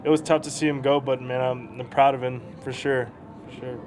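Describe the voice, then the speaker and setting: A man's voice: mid-range voice, little pitch movement, brisk. A young man, a baseball prospect, telling rambling stories in a casual interview, laughing as he goes.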